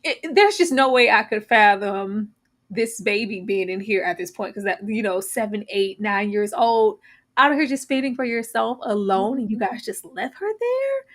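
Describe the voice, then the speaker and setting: A woman hosting a casual live-stream discussion over a video call, animated and quick to laugh. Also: mid-range voice. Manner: animated, laughs often, trails off. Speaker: host.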